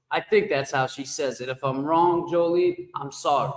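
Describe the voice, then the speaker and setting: A fairly high-voiced man rambles and jokes through a casual livestream, answering his chat as he goes. His voice carries a big shower-like echo effect. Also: measured pace. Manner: rambling, joking, talks back to chat. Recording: echoey reverb effect on voice.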